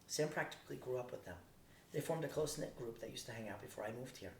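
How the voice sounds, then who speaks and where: A man reading a novel aloud in a steady, plain way. He sits at some distance from the mic in a roomy space, with a faint rumble behind him. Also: fast talker, creaky. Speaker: audiobook reader.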